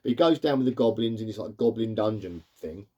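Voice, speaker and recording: A man casually reviewing an old animated film, rambling along with lots of "sort of" and "like". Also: lowish voice, fairly quick, dull audio. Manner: rambling, leans on fillers like "sort of" and "like". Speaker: cartoon reviewer.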